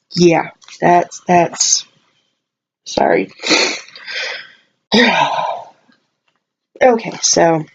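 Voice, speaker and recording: A woman's voice: on the low side, darkish tone, lo-fi sound. A woman rambling casually through a haul video at home, chatty and full of asides and restarts, maybe fighting a cold. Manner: playful voices when quoting herself. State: possible cold. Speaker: vlogger.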